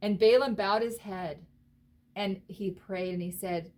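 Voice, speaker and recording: A woman teaching a children's Bible lesson, telling the story in an animated, expressive way and asking the listeners questions. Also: medium pitch, a little slow.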